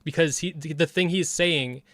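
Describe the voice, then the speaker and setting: A man's voice: fairly high pitch, normal speed, a bit bright, no echo, clean studio sound. A man commenting casually on a debate clip, heated and rambling with frequent restarts. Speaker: streamer reviewing a debate.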